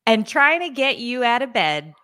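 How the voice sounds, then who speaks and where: A woman's voice: fairly high pitch, big pitch swings, moderate pace, bright, forceful tone. A woman co-hosting a podcast in casual chat, teasing her co-host in a dry way.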